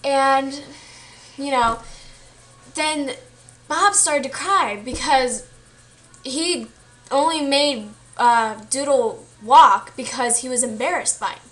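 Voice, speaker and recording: A woman's voice: sits high, slow, pauses often, a bit bright, soft background music. A young woman casually retelling a story she read, chatty and full of fillers, acting out the quoted lines. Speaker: student vlogger.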